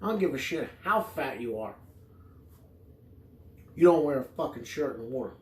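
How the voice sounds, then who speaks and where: A man's voice: mid-range voice, lively intonation, normal speed, echoey room. A man hosting a podcast in a rambling, improvised comedy monologue, swearing freely and jumping from one tangent to the next. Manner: profane, rambling, digressive. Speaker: podcast host.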